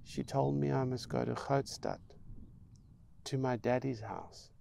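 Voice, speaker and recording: A man's voice: medium pitch, unhurried, gravelly, dark tone, slight background noise, pitched above the performer's own voice. A man voicing a small, frightened young boy who speaks in a tiny, near-whispered voice. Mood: small, sad.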